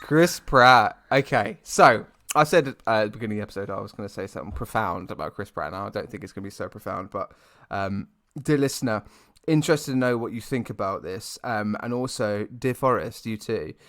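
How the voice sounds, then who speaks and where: A man from the UK co-hosting a podcast in casual chat, animated, swearing and teasing. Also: lowish voice, a little fast, few pauses, no echo, studio quality. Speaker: podcast co-host.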